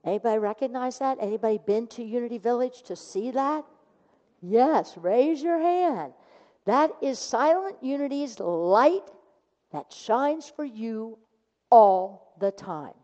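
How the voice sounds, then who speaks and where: A high-voiced woman minister preaches in a church, her voice ringing with long reverb off the hall. The sound is dull and muffled. She tells her story with lively energy and acts out each voice. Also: measured pace. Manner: animated storyteller acting out voices. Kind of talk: sermon storytelling. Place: church sanctuary.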